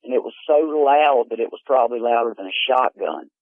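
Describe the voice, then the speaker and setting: A man casually telling a story about a night at a campsite, rambling and excited, saying "man" and "dude". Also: mid-range voice, fairly quick, no room sound. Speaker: caller telling a camping encounter. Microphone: telephone. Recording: tinny phone line.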